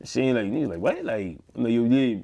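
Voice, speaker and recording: With a medium-pitched, creaky voice and a brisk pace, this New York-accented Bronx man, a former inmate now being interviewed, tells his story loosely. He rambles, fills gaps, restarts, and performs what others said in animated voices.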